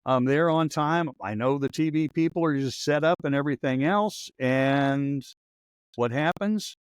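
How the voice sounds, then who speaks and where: A man's voice: a little high, a little slow, smooth, no room sound. A man in his sixties, a former radio newsman hosting a podcast, telling stories in a rambling, wry, anecdotal way. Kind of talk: casual storytelling chat.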